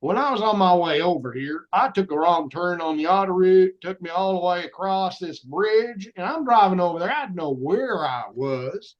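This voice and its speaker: A rambling, folksy Southern man with a drawl, as a man puts him on. The voice sits well above the speaker's own and comes out louder. It tells its tale with a broad Southern US accent. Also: sits high, expressive, moderate pace, few pauses, muffled recording, voice pushed up. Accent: put-on Southern US.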